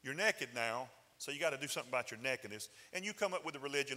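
A man preaches in a loose, folksy way, pushing up into emphatic bursts. His voice is bright and forceful. A long hall reverb trails each phrase. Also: mid-range voice, animated, rapid-fire. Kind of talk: sermon.

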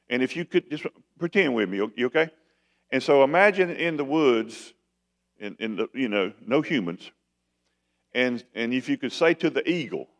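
A man preaching a sermon as pastor, in a folksy, conversational way that keeps asking the congregation questions. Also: medium pitch.

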